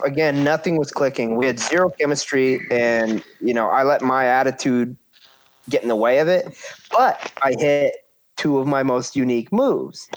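A man's voice: mid-range voice, normal speed, a little hiss or hum. A man in his thirties casually telling a story about his wrestling career, acting out quoted voices and swearing freely.

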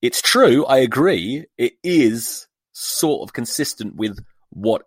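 A man's voice: medium pitch, animated, takes it slowly, breathy edge, no echo, studio quality. A man hosting a solo podcast, sweary and exasperated, mocking what he reads aloud. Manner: profane, sarcastic, exasperated. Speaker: podcast host.

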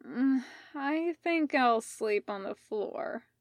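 A woman reading as a carefree young male musician, drunk and slurring, his voice pitched a touch higher and lighter than the narration. The recording is close and dry, with no room sound, and the delivery runs slow. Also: big pitch swings, dry recording, full character voice.

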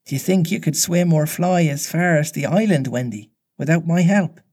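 A man's voice: a little high, moderate pace, a little mellow, voice pushed up, natural voice. A man doing a brave, weary boy hero.

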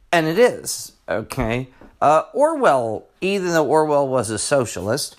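A middle-aged man, a teacher hosting his own podcast, talking in a rambling, chatty way full of restarts. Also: mid-range voice. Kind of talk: casual solo podcast monologue.

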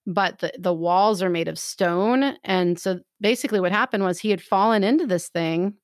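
Animated woman telling a story. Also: medium pitch, normal speed, dry recording, studio quality. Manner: animated storytelling, acts out quotes. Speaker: storyteller in a chat. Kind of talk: casual chat.

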